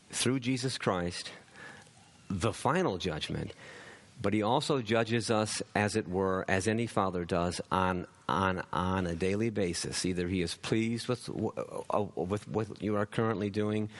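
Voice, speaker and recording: A man's voice: fairly low pitch, unhurried. A man preaching a sermon in an earnest way, often repeating words as he builds a point.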